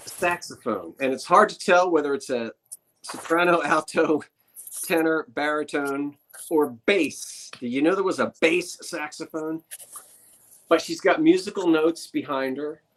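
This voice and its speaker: A man hosting a live online auction, talking in a loose, rambling patter and tossing in little jokes. His voice sits a touch high for a man, and he keeps a friendly sales chatter going. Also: a bit bright. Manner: chatty, rambling, joking asides.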